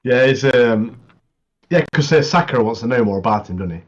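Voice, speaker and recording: A man's voice: mid-range voice, lively intonation, brisk. A man co-hosting a casual podcast about anime, laid-back and enthusiastic. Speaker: podcast co-host. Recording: dull, muffled mic sound.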